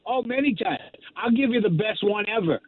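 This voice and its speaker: A man's voice: high-pitched, lively intonation, a little fast, dry recording. An older man, a stand-up comedian, telling stories in a radio interview with dry, self-deprecating humor and lots of fillers. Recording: tinny phone line.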